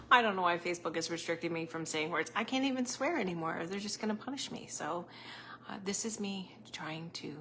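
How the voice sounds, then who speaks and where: A woman's voice: on the low side, sharp tone, a little hiss or hum. A woman hosting a casual live stream as a psychic medium at home, close to the camera, rambling and chatty and laughing often.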